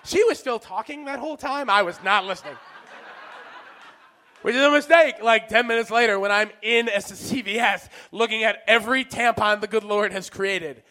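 High-voiced man with sharp punchlines. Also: moderate pace. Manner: self-mocking with abrupt shouted punchlines. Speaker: stand-up comedian. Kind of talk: stand-up comedy.

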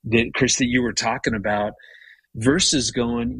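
Husky man in his fifties. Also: mid-range voice, a little slow, fairly bright tone, no echo, low-quality recording. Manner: repeats words often while telling stories. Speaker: guest, marriage author. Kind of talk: conversational storytelling.

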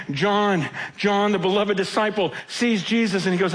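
High-voiced man preaching with urgent emotion. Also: moderate pace, fairly bright tone. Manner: emotional, urgent, repeats and restarts phrases. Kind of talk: impassioned sermon. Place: conference hall.

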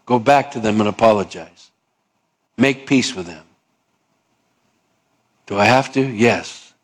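A man's voice: lowish voice, takes it slowly. A male preacher giving a sermon, asking his listeners rhetorical questions and acting out little dialogues.

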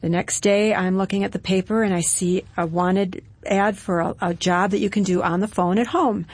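An earnest middle-aged woman tells her story in an interview at an even pace. Her voice sits close and dry, with no room sound around it. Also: medium pitch, moderate pace, husky, no echo. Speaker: guest, wife telling her conversion story.

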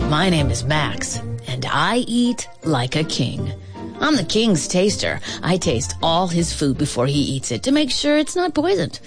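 A woman reading a picture book aloud in an expressive, playful way, with laughs and dramatic pauses. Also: deep voice, music in the background. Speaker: storybook reader.

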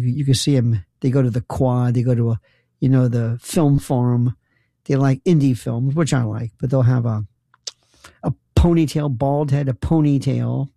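A man's voice: mid-range voice, gravelly, dark tone, no room sound, studio quality. A middle-aged man hosting a talk show, telling a comedic story in a sarcastic, incredulous way that rambles and restarts.

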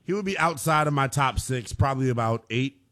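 A young man hosting a sports talk radio show, playful and animated, often laughing. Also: mid-range voice, fairly quick. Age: young adult.

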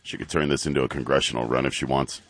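A man's voice: rumbling low, fairly even intonation, fast talker, fairly bright tone, no room sound. A man chiming in on a talk radio show with short remarks as co-host. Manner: short interjections. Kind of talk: radio banter.

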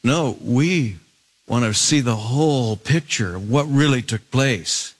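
A man preaching an expository sermon, paraphrasing scripture in a conversational way, with high emphatic bursts and low drawn-out words. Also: breathy edge. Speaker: pastor.

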